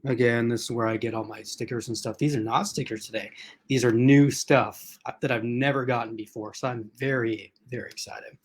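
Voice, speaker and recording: A man's voice: mid-range voice, fairly even intonation, a little fast, husky. A man hosting a casual livestream unboxing from his laptop, rambling and chatty with lots of fillers, restarts and laughs. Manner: laughs often. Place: at home in front of a laptop.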